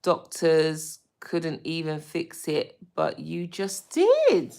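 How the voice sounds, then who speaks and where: A woman from the UK hosting a casual live stream, greeting viewers with lots of ums and gushing when she gets excited. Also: fairly low pitch, takes it slowly, few pauses. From United Kingdom. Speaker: livestream host.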